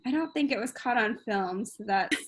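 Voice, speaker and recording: A woman's voice: fairly high pitch, normal speed. Bubbly young woman chatting casually. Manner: bubbly, animated storytelling with laughs. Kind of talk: casual chat.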